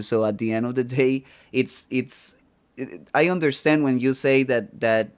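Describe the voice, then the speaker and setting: Podcast host, man, Spanish first language, smooth clear voice, hesitant and restarting. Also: medium pitch, a little mellow. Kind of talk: casual interview chat.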